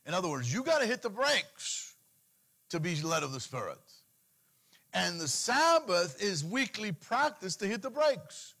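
A middle-aged man preaching with a lively, swinging voice that climbs and drops. He pitches a little higher than most men and breaks into pleading cries when he acts out a worried believer. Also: measured pace, vocal fry. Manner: animated preaching, mimics anxious pleas in a higher voice. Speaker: pastor. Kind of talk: sermon.

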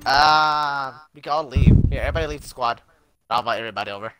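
A man's voice: medium pitch, fast talker, music in the background. A young man in casual gaming chat with friends, cracking jokes and laughing often.

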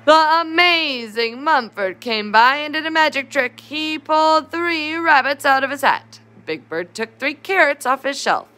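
Slow-reading woman with a high voice. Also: expressive, bright, forceful tone. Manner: chatty asides to young listeners. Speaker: storybook reader. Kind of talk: reading a picture book aloud to children.

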